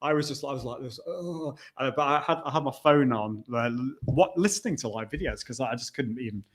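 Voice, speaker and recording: A man's voice: medium pitch, fast. A man hosting a live video show, chatting casually from a conference venue and reading out viewer comments as he goes. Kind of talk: casual live-stream chat.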